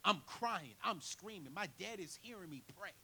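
A man preaching a sermon in church, telling his own story with big swings from quiet to near shouting. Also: high-pitched, lively intonation, normal speed, slightly rough, low-quality recording. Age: 30s. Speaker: guest preacher. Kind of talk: sermon with personal testimony.

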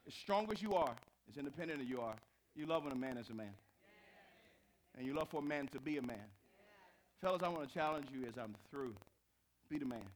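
A man preaching a sermon to a live congregation, telling stories with big swings from quiet to shouting. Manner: animated storytelling, swinging from low to shouted. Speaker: pastor.

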